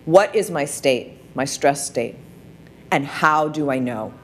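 A woman's voice: sits low, expressive, takes it slowly, slight background noise. A woman presenting a wellness workshop, coaching listeners through practices with frequent rhetorical questions. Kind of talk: guided practice talk.

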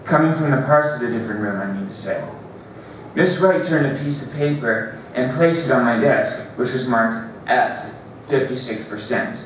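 A man's voice: medium pitch, slight background noise. Man reading his story in an echoey hall. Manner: halting, restarts and corrects himself. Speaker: open mic reader. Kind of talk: reading own story aloud. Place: library event room. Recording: very echoey room, distant mic.

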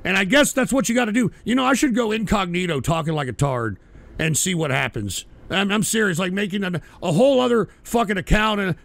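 High, gravelly-voiced profane stream host. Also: male voice, animated, brisk, fairly bright tone, no echo. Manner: profane, sarcastic rambling. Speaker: streaming talk show host. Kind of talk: reading chat names on a live stream.

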